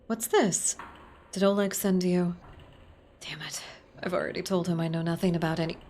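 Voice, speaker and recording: A woman voicing a stern woman librarian in a fantasy game, clipped and guarded, sometimes in a sharp whisper. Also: lowish voice, steady tone, normal speed, a little hiss or hum, close to an everyday voice. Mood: indignant.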